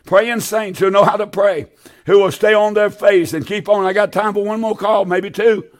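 Man, preacher, high voice, fervent, pleading, repeats himself, televised sermon. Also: steady tone, moderate pace. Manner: fervent, pleading, repetitive exhortation. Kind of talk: televised sermon with call-in appeal.

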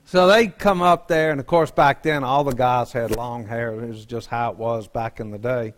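A man's voice: medium pitch, fairly even intonation, normal speed. A man, a pastor telling a joking, folksy story in a sermon.

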